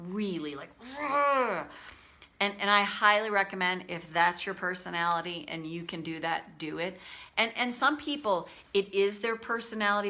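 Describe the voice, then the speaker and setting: A woman coaching viewers on a livestream, candid and animated, speaking to them by name. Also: mid-range voice. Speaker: tapping coach.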